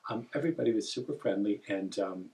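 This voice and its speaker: A man from northern Ontario chatting casually, telling lively, rambling stories full of self-corrections. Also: fairly low pitch, fast, far from the mic. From northern Ontario, Canada. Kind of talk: casual chat.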